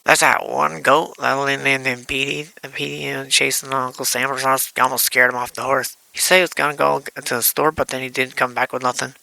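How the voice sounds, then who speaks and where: A man playing a shameless nine-year-old boy and pathological liar, rambling through his family stories in a halting, dopey way. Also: medium pitch, little pitch movement, gravelly, pushed and bright, poor audio. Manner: rambling, halting, dopey childish run-on storytelling. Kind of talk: deadpan comic monologue narrating drawings.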